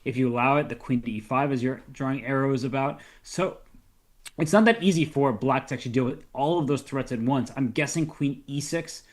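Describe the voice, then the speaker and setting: A man's voice: mid-range voice, fairly quick. Upbeat male chess co-commentator. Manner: upbeat, laughing easily. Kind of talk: casual live commentary.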